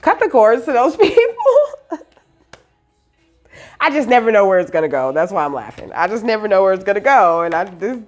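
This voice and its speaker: A woman's voice: medium pitch, a little fast, pauses often, soft background music. A woman giving a casual spiritual reading, giggling often, swearing casually and asking "okay?" after most points. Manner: giggly, animated, peppered with "okay?"; reads lyrics aloud and swears casually. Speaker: tarot reader.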